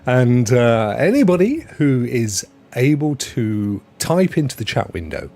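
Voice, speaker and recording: Animated, chatty male stream host. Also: mid-range voice, measured pace. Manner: chatty and jokey, laughs at his own jokes. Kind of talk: casual live-stream chat.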